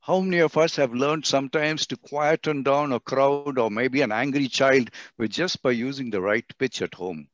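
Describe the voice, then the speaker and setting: A man with an Indian English accent lectures over a video call, and his voice climbs and drops sharply to act out examples. He talks at a mid pitch. The computer mic gives dry, slightly dull audio. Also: normal speed, hardly any pauses, dry recording. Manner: expressive, swings his voice high and low to demonstrate. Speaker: guest speaker on communication. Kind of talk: webinar lecture.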